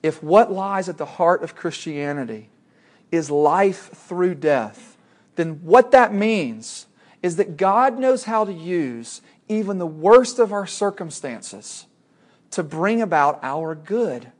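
A man preaches a sermon in a fairly high, conversational voice. He talks straight to his listeners as if chatting with them. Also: expressive, slow. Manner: conversational, addresses listeners directly.

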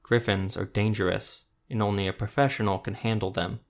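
A man voicing a grizzled male witcher monster hunter who speaks gruffly and tersely, a little lower than his narrating voice. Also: fairly even intonation, a little fast.

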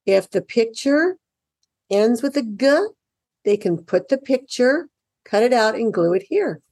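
A woman's voice: on the high side, lively intonation, unhurried, warm tone, no echo. A woman in her fifties, a parent, walks through a children's reading workbook in an enthusiastic, encouraging lesson. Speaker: parent teaching early reading.

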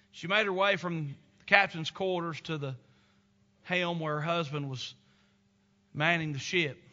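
A man's voice: a little high, pushed and bright. Male pastor, emphatic sermon delivery, somewhat lo-fi sound. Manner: earnest, emphatic, tender. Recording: slightly dull lo-fi recording.

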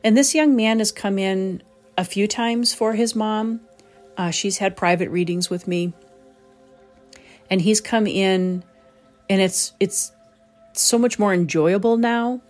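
A woman hosting a reflective spoken talk as a medium, gentle and pausing to search for the right words. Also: mid-range voice, soft background music. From southern New England. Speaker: psychic medium, host.

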